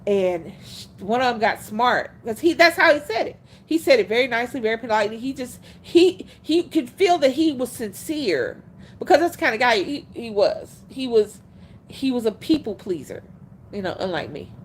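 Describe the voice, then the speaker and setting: A woman hosting a livestream, telling stories in a casual, animated way, laughing often and speaking bluntly. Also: a little high, normal speed, a little hiss or hum. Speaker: livestream host.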